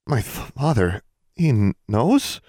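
A man's voice: mid-range voice, sing-song, brisk, darkish tone, no room sound, studio quality, voice pushed up, close to an everyday voice. A man voicing an anxious schoolgirl who pleads and stumbles over her words. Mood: pleading. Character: anxious girl, congressman's daughter.

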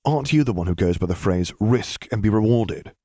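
A man's voice: fairly low pitch, lively intonation, fairly quick, dark tone, husky, no room sound, clean studio sound. A man voicing an icy, defiant young man arguing with his father in clipped, cold retorts.

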